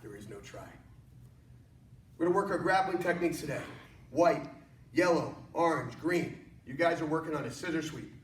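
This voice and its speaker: A man teaching an online martial arts class, coaching with energy and jokes. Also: a little high. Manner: energetic, joking, encouraging coaching. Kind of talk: online workout class instruction. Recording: echoey room, mic at a distance, faint noise.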